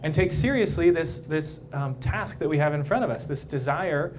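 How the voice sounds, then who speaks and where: A man's voice: a little high, animated, normal speed, a little hiss or hum. A man, a priest, giving a casual, playful talk to a live crowd of young adults at a brewery, often checking in with the audience by asking "right?".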